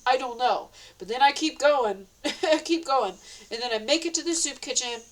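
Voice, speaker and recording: Woman, casual storytelling vlog; rambling, restarts often, slightly high voice, breathless retelling. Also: moderate pace, poor audio. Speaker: vlogger.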